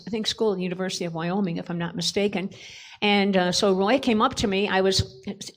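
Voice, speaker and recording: Older woman telling a chatty story. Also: medium pitch. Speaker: conference panelist. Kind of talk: storytelling in a panel Q&A.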